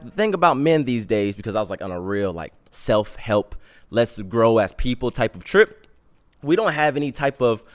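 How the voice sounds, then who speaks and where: A young man hosting a podcast, telling a comic personal story in casual, slangy, animated talk. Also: medium pitch, clean tone. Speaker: podcast host.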